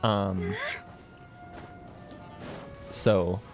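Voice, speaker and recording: A man's voice: sits low, little pitch movement, very slow, music in the background. A young man streaming a game, chatting casually with his chat in a rambling way, laughing often and full of fillers and restarts. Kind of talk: casual chat while gaming, reading chat.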